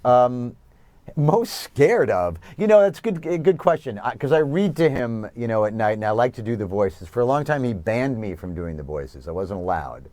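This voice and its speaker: A man in his forties from New York, guesting on a TV interview, with a lively, self-mocking delivery and frequent laughter. His voice rises and falls a lot, recorded dry and close. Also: mid-range voice, a little fast, few pauses, dry recording. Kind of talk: remote TV interview.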